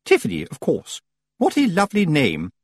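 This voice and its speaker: A grand, gushing witch who drawls every word with lofty affectation, as a male narrator puts her on. The voice soars high and swoops dramatically, with a husky edge, recorded close and dry. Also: wildly swooping pitch, no echo. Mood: pompous. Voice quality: falsetto, drawn-out and affected. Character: haughty pompous witch woman, gushing and grand.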